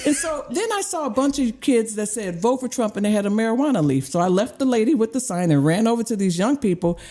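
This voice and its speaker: A middle-aged woman from Illinois, a former candidate and radio host, telling stories in casual chat, laughing often and acting out quotes with big jumps in pitch. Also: expressive, fast, warm tone, a little hiss or hum. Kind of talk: animated storytelling in casual chat.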